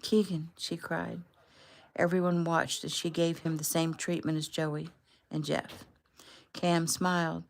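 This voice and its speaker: A woman, the author, reading her own novel aloud in a relaxed, conversational way. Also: low-pitched, unhurried, creaky, a little hiss or hum. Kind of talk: casual audiobook narration.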